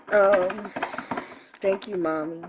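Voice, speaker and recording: A woman's voice: medium pitch, dull audio, noisy background. A woman spiritual coach in a casual live stream on her phone, affectionate and laughing often, calling listeners baby and honey.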